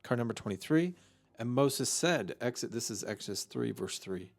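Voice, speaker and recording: A man giving an unscripted vocabulary lesson, slow and halting, thinking aloud with many fillers. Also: medium pitch, animated, vocal fry. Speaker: Hebrew vocabulary teacher.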